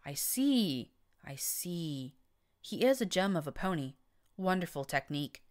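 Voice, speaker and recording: A woman voicing a manipulative female pony leader with a smooth, purring way of talking, in an audiobook reading. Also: fairly low pitch, sing-song, measured pace, darkish tone. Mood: smooth, scheming.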